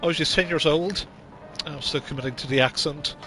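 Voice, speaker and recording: A man's voice: fairly high pitch, moderate pace, pushed and bright, soft background music. A man streaming a game, talking casually in a rambling, chatty way with lots of filler words. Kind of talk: casual gameplay commentary.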